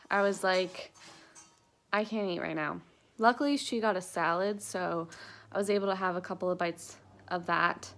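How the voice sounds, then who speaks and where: A woman's voice: medium pitch, a bit bright. Chatty young woman telling a story. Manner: chatty, filler-heavy, earnest. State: slightly out of breath. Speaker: vlogger. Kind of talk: casual storytelling vlog. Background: dogs.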